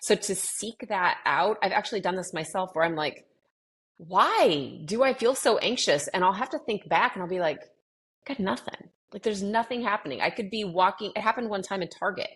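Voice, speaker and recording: A woman's voice: mid-range voice, moderate pace. A middle-aged woman talking casually in an interview, animatedly acting out conversations with clients and often restarting her sentences. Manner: animated, acts out quoted dialogue with clients. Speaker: guest sharing her experience with anxiety.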